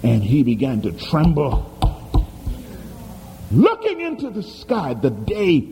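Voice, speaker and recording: A man's voice: a little high, huge pitch swings, slow pace, mellow, slight background noise. A man preaching a sermon in a church, with emphatic, dramatic storytelling and questions thrown to the congregation. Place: church sanctuary. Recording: long hall reverb, faint ambience.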